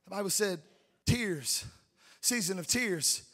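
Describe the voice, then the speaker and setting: A man preaching a sermon, fervent, swinging between shouted peaks and hushed tender asides. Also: sits high, lively intonation, takes it slowly. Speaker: pastor. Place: church sanctuary.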